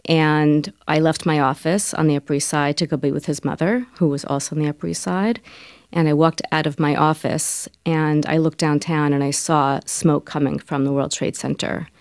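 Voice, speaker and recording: A woman recounting events in an interview, earnest and urgent, with quick runs of words. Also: low voice, steady tone, dry recording. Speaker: interview guest.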